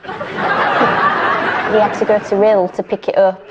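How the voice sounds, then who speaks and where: A woman telling a story on a comedy panel show, slow and deadpan, a little hesitant. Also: medium pitch, lo-fi sound, over a noisy crowd, heavy background noise. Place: TV studio.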